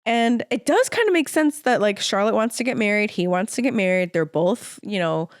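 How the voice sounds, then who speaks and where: A woman's voice: mid-range voice, normal speed, clean tone, dry recording, clean studio sound. A young adult woman co-hosting a podcast, casually recapping a TV episode and acting out the characters' lines as she goes. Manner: animated, acts out characters' lines while retelling. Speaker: podcast co-host. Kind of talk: casual chat recapping a TV show.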